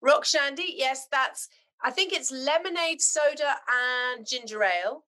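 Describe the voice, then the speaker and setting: A middle-aged woman from Zimbabwe, chatting as a podcast guest and telling animated, heartfelt stories. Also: high-pitched, measured pace. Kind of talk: casual chat.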